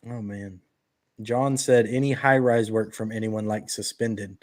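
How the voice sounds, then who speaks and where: A man's voice: on the low side, fairly even intonation, a little slow, dry recording. Easygoing man on a dry podcast mic. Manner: joking, easygoing, talks to the listeners directly. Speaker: podcast host and window cleaner. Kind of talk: casual podcast chat.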